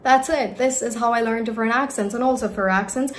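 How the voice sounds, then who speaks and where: A woman's voice: on the high side, a little fast, slight background noise. A young woman from India telling a personal story in a vlog as an accent coach, emphatic and giving direct advice to viewers.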